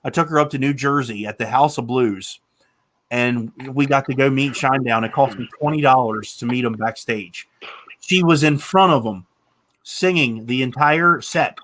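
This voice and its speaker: A man's voice: medium pitch, moderate pace, fairly bright tone. A man in his thirties hosting a casual chat, telling rambling stories and swearing casually. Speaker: podcast host.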